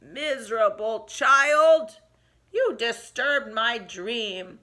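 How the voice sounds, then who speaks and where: A woman voicing a sleepy, grumpy old man who drawls slowly. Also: high voice, pushed and bright, exaggerated voice. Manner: slow, drowsy.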